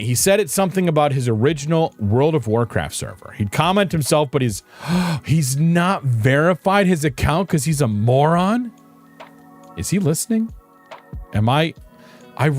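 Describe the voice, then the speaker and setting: A man streaming a game, chatting casually with viewers in a playful, rambling, self-mocking way. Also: medium pitch. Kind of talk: casual live-stream chat.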